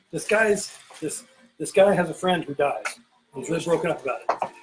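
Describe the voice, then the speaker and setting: High-voiced man rambling behind a bar. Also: lively intonation, normal speed, noisy background. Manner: rambling, self-interrupting, playful. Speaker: bartending show host. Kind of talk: casual joke-telling chat while mixing drinks. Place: home pirate-themed bar.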